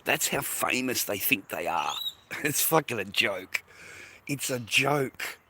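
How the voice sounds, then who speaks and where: Outdoors by the water, a middle-aged Australian vlogger delivers a casual, profane monologue to the camera. His mid-range voice is expressive and slow, with a noisy background. He's slangy and rambling, and he repeats himself.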